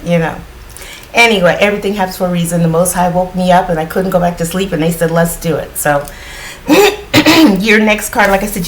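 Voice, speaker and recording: A woman giving a casual spiritual card reading in a groggy morning voice, often clearing her throat and rambling reassuringly with lots of fillers. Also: on the low side, slight background noise, poor audio. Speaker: tarot card reader.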